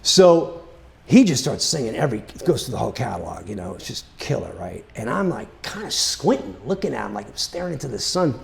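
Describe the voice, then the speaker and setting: A man telling a story about his music career in a casual, animated way, full of fillers like "right?" and "you know". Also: medium pitch, brisk, gravelly. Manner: animated, chatty, with many fillers.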